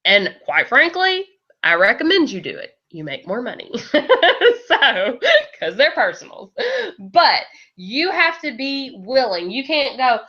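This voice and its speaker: Rallying her sales team with a motivational talk, a woman laughs a lot and performs the voices of those she quotes. She speaks at a measured pace in a fairly high, sharp, very animated voice, heard through a dull lo-fi recording.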